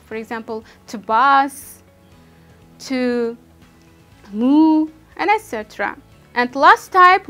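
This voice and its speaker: Slow, high-voiced Uzbek-accented young woman lecturing. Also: fairly bright tone. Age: young adult. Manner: halting, repeats and restarts words. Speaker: student presenter. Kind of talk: classroom lecture presentation.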